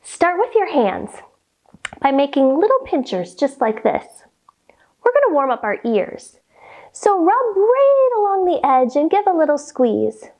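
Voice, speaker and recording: Female kids-yoga teacher, high and bouncy voice, slow and playful, with animal noises. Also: very animated, a little mellow. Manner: playful, sing-song, makes animal sounds. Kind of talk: guided kids yoga lesson.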